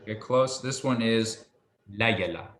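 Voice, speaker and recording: A man's voice: on the low side, steady tone, normal speed, fairly bright tone, a little hiss or hum. A man teaching Hebrew, patiently correcting pronunciation and encouraging his student. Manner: patient, encouraging, loose with fillers. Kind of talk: online language tutoring. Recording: roomy echo.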